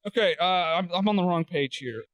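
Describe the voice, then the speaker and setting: A man co-hosting a radio show, running a trivia game for the studio audience in a brisk, joking way. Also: sits high, expressive, fairly bright tone. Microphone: studio microphone.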